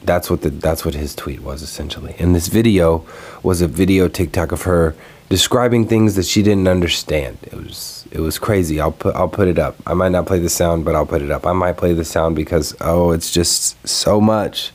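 Deep-voiced and fairly quick, a young man recording alone at home hosts his own video and rants about an online annoyance. His delivery is casual, profane, exasperated and animated.

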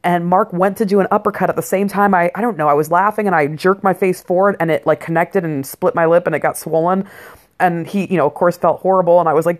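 A woman's voice: lowish voice, quick pace. A woman in her forties, a mother of boys, talking casually on her own in a rambling, blunt, profane way with plenty of fillers. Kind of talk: casual personal monologue.

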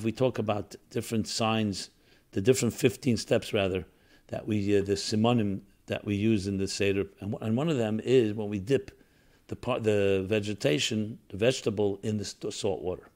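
A man's voice: fairly low pitch, darkish tone. A man, a rabbi, telling a personal story to his listeners in an earnest, reflective way, with restarts and fillers. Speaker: rabbi teaching a class.

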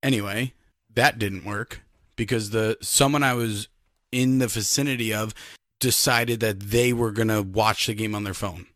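A man co-hosting a podcast, telling an emphatic, animated story in casual chat. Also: lowish voice, normal speed, no room sound, studio quality. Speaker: podcast co-host.

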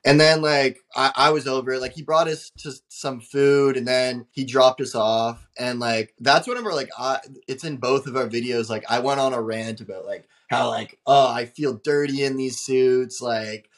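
A man's voice: medium pitch, steady tone, moderate pace, hardly any pauses, a bit bright. A young man telling a travel story in casual podcast chat, rambling with many fillers and frequent swearing. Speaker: guest traveler.

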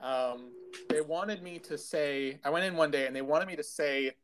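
A man's voice: fairly high pitch, normal speed, a bit bright. A young man, co-hosting a podcast in playful casual chat. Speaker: podcast co-host.

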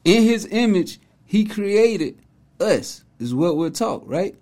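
Male vlog host with a higher voice, emphatic and preachy in a casual way. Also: expressive, slow pace, a little mellow. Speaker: host, commentator.

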